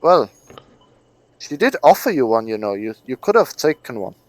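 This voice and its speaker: A man's voice: medium pitch, big pitch swings, moderate pace, a little mellow, dry recording, poor audio. A man playing a tabletop game, chatty and good-humoured. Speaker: player. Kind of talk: casual tabletop play.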